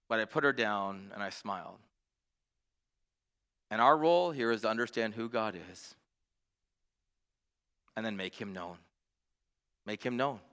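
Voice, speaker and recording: A man in his forties delivers a sermon in a church, his bright voice ringing through a long hall reverb. He talks earnestly, stumbles over fillers and restarts, and shifts between soft reflection and lively storytelling. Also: medium pitch. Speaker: pastor.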